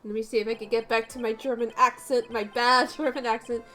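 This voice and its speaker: A woman streamer with a high voice makes sarcastic, swearing asides over a game. She talks casually between the characters she voices. Faint music plays underneath. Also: little pitch movement, a little fast, a bit bright.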